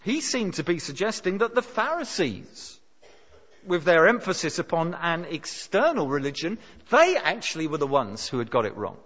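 A man preaching a sermon, emphatic and expressive, dropping his voice low for dramatic lines. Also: moderate pace. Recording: dull sound with long hall reverb.

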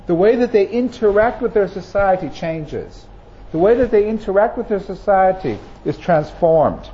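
Earnest preaching man, dark tone. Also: sits high. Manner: earnest, emphatic preaching with repeated phrases. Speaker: pastor. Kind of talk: sermon. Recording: muffled recording with faint noise.

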